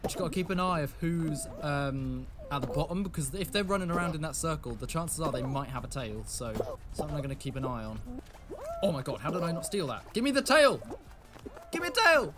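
A young man giving live gameplay commentary, excitable, swinging from muttered asides to yelling at the game. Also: a little high, brisk. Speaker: gaming video creator.

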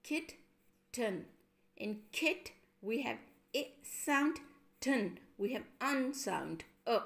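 Slow woman teacher drilling syllables. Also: fairly high pitch, lively intonation, creaky, fairly bright tone. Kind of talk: classroom lesson.

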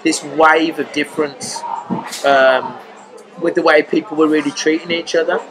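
A man with a Birmingham accent tells stories as a podcast guest, animated and jokey. His voice sits a bit high for a man, and a clear buzz of crowd chatter runs behind him. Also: normal speed, rough recording. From Birmingham, England. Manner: animated, joking storyteller with crude humour. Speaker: guest comedian. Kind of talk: casual podcast chat.

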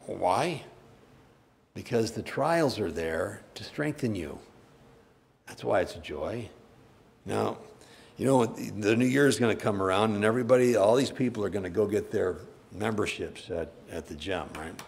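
A man pastor preaching a sermon, conversational and plain-spoken, with sudden animated bursts. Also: fairly low pitch, moderate pace, gravelly.

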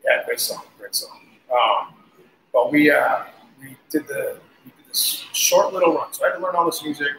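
A man guest on an interview, telling casual, animated stories with laughs and cursing. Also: on the high side, normal speed. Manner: animated, laughing, swears freely. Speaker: guest musician. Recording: roomy echo, faint noise.

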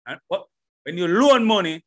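A middle-aged man with a Jamaican accent, hosting a solo podcast and talking straight to his listeners with loud, animated rhetorical questions. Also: sits high, normal speed, dry recording, studio quality. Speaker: podcast host. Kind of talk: casual solo podcast monologue. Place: home room in Holland. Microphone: headphones and desk mic.

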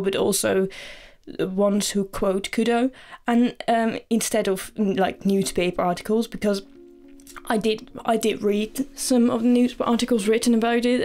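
A woman's voice: mid-range voice, darkish tone. A woman hosting a storytelling podcast, talking earnestly and respectfully, with many fillers and restarts. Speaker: podcast host.

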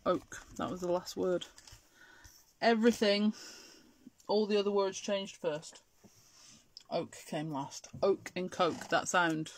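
A woman's voice: on the low side, steady tone, takes it slowly, long pauses, a little hiss or hum. A middle-aged woman with an English accent, hosting a live crafting demonstration and chatting to viewers while she works. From Scotland. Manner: chatty, answers viewer comments while working. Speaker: craft show host.

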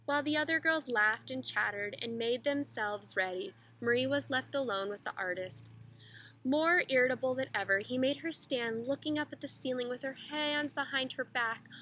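Woman teacher doing a children's story read-aloud; expressive, steady, a bit high. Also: normal speed, slight background noise, poor audio.

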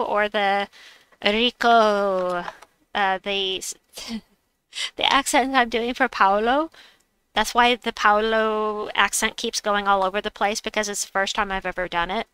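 A woman's voice: mid-range voice, bright, forceful tone, clean tone, dry recording. A woman hosting a casual gaming livestream, chatty and playful, reading chat aloud and making silly noises. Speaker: livestream host.

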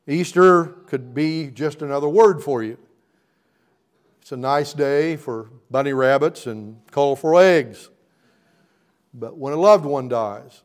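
A middle-aged man, a pastor, preaching an emphatic sermon in a church, building with repeated rising phrases. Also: fairly high pitch. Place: church sanctuary.

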